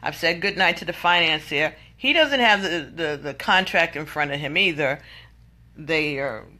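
Exasperated woman venting, bright voice. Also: low voice, moderate pace. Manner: exasperated, incredulous storytelling. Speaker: vlogger. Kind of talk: venting monologue.

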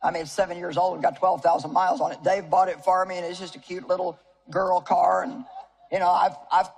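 A woman's voice: lowish voice, flat delivery, a little fast, gravelly, a little mellow, soft background music. Folksy older woman preaching with humor. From Missouri, United States. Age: 70s. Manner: folksy, humorous storytelling with audience asides. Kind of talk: sermon to a live audience. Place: stage before an audience.

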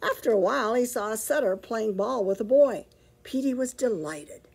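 A woman librarian reading a picture book aloud to children, with expressive, animated storytelling. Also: a little high, moderate pace, vocal fry, husky.

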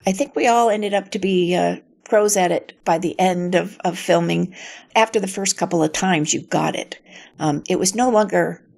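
Gravelly older woman recalling stories. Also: fairly low pitch, moderate pace, darkish tone. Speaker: actress interviewee. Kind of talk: reflective interview storytelling.

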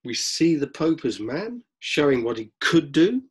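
A middle-aged man, a drama teacher, lecturing students in a lively way and acting out examples as he goes. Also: fairly high pitch, measured pace, breathy edge. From London, England. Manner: lively, acts out examples, frequent restarts. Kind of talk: lecture-style talk to students.

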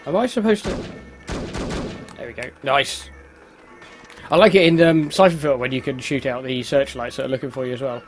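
A man's voice: medium pitch, a little fast, pauses often, over music. A man giving casual, self-mocking commentary while playing a video game. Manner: chatty, exclaims at the game, laughs at himself. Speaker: let's play host.

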